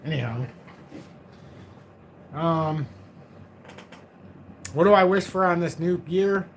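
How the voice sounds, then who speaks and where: A man's voice: on the high side, slow, a little hiss or hum. A man in his forties hosting a crypto livestream, chatting casually in a rambling, joking, self-mocking way. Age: 40s.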